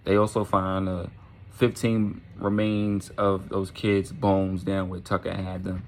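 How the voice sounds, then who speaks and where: A man telling a dark story in a casual, animated storytime manner, profane and often asking "right?". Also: low-pitched, takes it slowly, slight background noise.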